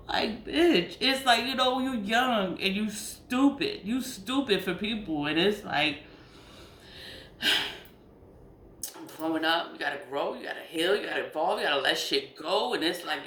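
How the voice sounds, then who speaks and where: A woman's voice: mid-range voice, fairly bright tone. Blunt, profane woman in an echoey room. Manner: blunt, profane, repeats herself for emphasis. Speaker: spiritual vlogger. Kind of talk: casual monologue. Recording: echoey room with faint noise.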